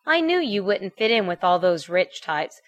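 A woman's voice: mid-range voice, big pitch swings, close to an everyday voice. A woman reading as a blunt, confident teen girl. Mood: assured. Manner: brisk, assured. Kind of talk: fan fiction reading.

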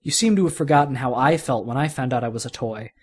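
A man voicing a calm male space ranger toy who reasons patiently. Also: mid-range voice, quick pace, breathy edge, lightly acted.

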